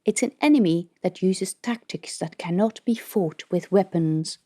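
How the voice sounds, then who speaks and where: A woman voicing a stern, secretive female military colonel in an audiobook, speaking in a measured, grave way. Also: fairly low pitch, warm tone.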